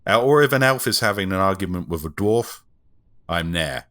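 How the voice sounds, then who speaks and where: A man's voice: sits low, lively intonation, brisk, fairly bright tone. A man co-hosting a podcast, telling stories in a dry, joking way. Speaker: podcast co-host. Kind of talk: casual chat.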